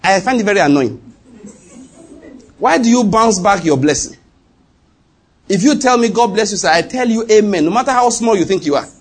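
A middle-aged male pastor delivers a sermon in a slightly husky, fairly high voice. He keeps asking whether the congregation is following him. When he leans into a point, he rises sharply in pitch. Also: lively intonation, moderate pace, long pauses. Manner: rhetorical questions to the congregation, rising pitch when emphatic.

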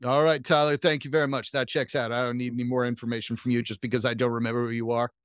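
A man's voice: medium pitch, little pitch movement, fast talker, smooth, no room sound, lightly acted. Brusque aging sea captain, barking, dry close sound, put on by a man. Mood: gruff. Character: gruff aging male fishing boat captain.

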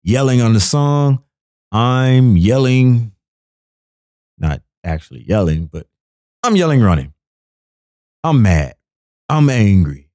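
A man's voice: takes it slowly, long pauses, no room sound, studio quality. A man hosting a show, riffing casually and comically, repeating phrases and acting out quotes. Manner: animated, repetitive riffs, acts out quotes in high voices. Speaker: podcast host. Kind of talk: casual comedic monologue.

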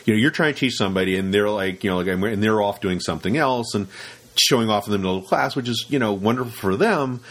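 A man who hosts a podcast and teaches rope talks fast in a lowish, fairly bright voice. His casual chat rambles, full of restarts and repeated words, and he acts out what his students say.

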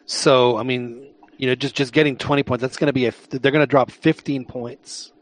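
A man co-hosting a soccer podcast, talking through the numbers in a halting way, repeating words. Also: mid-range voice, fairly even intonation. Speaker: podcast co-host. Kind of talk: casual sports chat.

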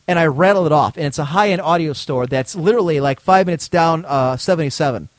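Podcast co-host, male, lively raconteur who plays out the dialogue himself, voice sits a bit high, dry recording. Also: fast, dry recording. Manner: animated, acts out both sides of dialogue, swears freely. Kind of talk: casual storytelling chat.

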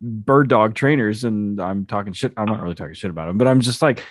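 A man hosting a casual podcast chat. He is a profane, animated storyteller who acts out the other side of a conversation. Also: lowish voice, brisk, dry recording, clean studio sound. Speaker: podcast host.

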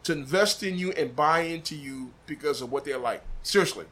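This is a pitmaster from Des Moines in a casual podcast chat, telling a story with lots of energy. He acts out the dialogue as he goes, and his voice sits a bit high for a man. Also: brisk, a bit bright. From Des Moines, Iowa. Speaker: podcast guest, barbecue pitmaster. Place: room above a butcher shop.

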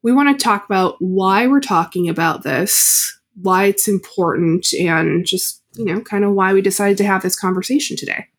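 A woman's voice: mid-range voice, normal speed, hardly any pauses, slightly rough. A woman in her thirties hosting a podcast, chatting in a friendly, casual way and laughing often. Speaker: podcast host. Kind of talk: casual interview chat.

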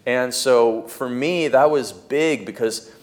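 A man talking as a podcast guest, telling stories in a lively way and acting out what he and others said. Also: medium pitch, slow. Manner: animated, acts out his own quotes and screams. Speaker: podcast guest, entrepreneurship coach. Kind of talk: casual interview storytelling.

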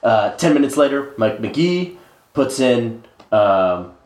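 Man, podcast co-host, casual sports chat, lots of ums, mid-pitched voice, echoey room. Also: big pitch swings, takes it slowly, darkish tone. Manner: rambling, many filler "uh"s. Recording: roomy echo.

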